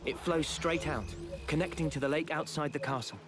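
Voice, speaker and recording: Measured game ally briefing the team, slightly higher voice, man acting. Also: over music, lightly acted. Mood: calm.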